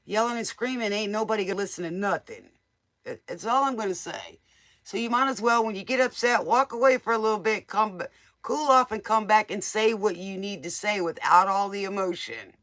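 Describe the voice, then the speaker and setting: A woman's voice: medium pitch, expressive, fairly quick, fairly bright tone. Motherly woman reading tarot live. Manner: casual, motherly, advice-giving to chat viewers. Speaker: tarot reader.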